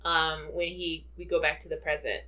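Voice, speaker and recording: Brief: woman film-podcast co-host, slightly low pitch, loose chatty delivery, laughs easily. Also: flat delivery, normal speed, pushed and bright. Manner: chatty, laughs often, many fillers. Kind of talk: casual film discussion.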